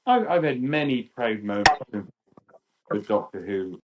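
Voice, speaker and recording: A British man in his fifties, a podcast guest telling lively anecdotes and acting out quotes. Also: mid-range voice, unhurried, lo-fi sound, very noisy. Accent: British English. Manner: animated, acts out quotes. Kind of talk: storytelling chat.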